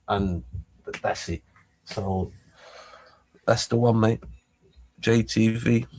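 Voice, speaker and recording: A middle-aged man vlogging, telling a story in an animated way, stammering and repeating words as he acts out what was said. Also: fairly low pitch, measured pace, vocal fry, pauses often.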